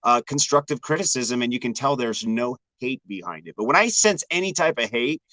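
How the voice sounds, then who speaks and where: A man's voice: mid-range voice, lively intonation, fairly quick, bright, forceful tone, dry recording. A man guesting on a podcast, talking in a blunt, opinionated way and rambling with lots of restarts in casual chat.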